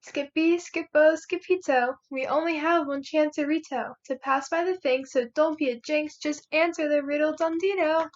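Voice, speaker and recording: A woman's voice: sits high, lively intonation, a little slow, few pauses. A young woman voicing a gang of cheerful little chihuahua dogs, chirpy and sing-song with mock Spanish words. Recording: muffled lo-fi recording.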